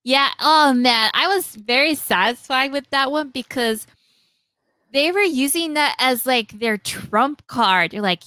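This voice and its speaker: A young woman hosting a podcast, animatedly retelling a story, acting out lines in quick voices and laughing often. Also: high-pitched, lively intonation, pushed and bright, dry recording. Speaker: podcast host. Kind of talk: casual chat retelling a story.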